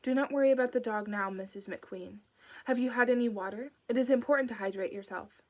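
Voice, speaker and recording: A woman voicing a calm policewoman who speaks in a formal, reassuring way. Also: fairly high pitch, fairly quick, lightly acted. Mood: soothing.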